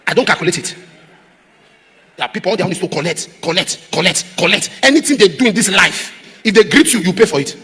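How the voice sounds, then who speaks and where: Male pastor, high animated voice, quick delivery, sermon in echoey hall. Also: slightly rough. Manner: preaching with repeated refrains, rising to shouts. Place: large church auditorium.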